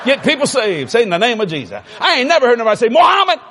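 A man preaching a sermon, telling a funny story with laughter and sudden shouts. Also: very high voice, rapid-fire, noisy background. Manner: animated, laughing, bursts into shouts.

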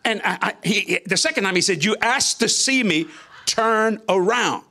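An older man, a minister, telling a lively personal testimony in a colloquial way, laughing often and jumping his pitch when he quotes people. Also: moderate pace. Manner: animated, laughing, colloquial, voices quotes with big pitch jumps. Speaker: guest minister. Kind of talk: testimony storytelling.

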